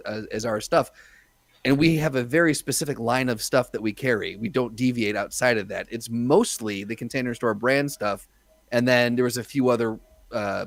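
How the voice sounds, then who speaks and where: A man's voice: mid-range voice, vocal fry, no room sound. A man in a casual podcast chat, telling a wry story from his old job. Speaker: podcast co-host or guest.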